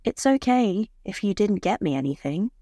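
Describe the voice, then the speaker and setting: A woman narrator voicing an anxious, devoted young woman who pleads softly to please her partner. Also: mid-range voice, lively intonation, moderate pace, no echo, clean studio sound, natural voice. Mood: eager.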